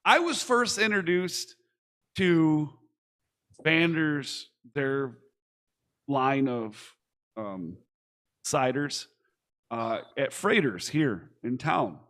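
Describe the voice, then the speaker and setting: A young man from Michigan co-hosting a casual podcast, rambling excitedly and swearing freely. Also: on the high side, drawn-out words, pauses often. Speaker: podcast co-host. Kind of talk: casual chat.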